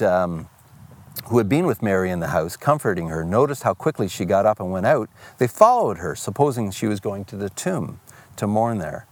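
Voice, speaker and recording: A man's voice: mid-range voice, no room sound. A middle-aged man preaching a conversational sermon, reading scripture aloud and then speaking personally to the congregation. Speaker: pastor.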